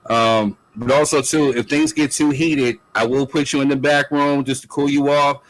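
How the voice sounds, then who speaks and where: Male host, casual chat, relaxed filler-heavy delivery, mid pitch. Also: moderate pace, dry recording, poor audio. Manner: laid-back, loose, repeats "you know what I'm saying". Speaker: podcast host.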